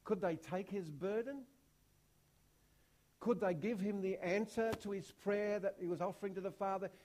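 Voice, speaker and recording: A man preaching a sermon, driving points home with repeated rhetorical questions and big swings from hushed to loud. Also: high-pitched, normal speed, slight background noise.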